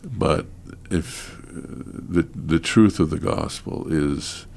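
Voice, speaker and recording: Very deep, slow, gravelly-voiced man. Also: darkish tone. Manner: slow, earnest, halting with many fillers. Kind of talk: casual conversation.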